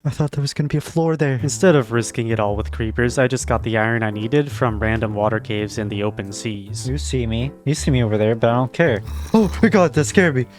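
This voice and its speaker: A man narrating his own gameplay in a wry, casual way, breaking into jumpy, excitable reactions. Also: medium pitch, fast talker, hardly any pauses. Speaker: gaming video creator. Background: background game music.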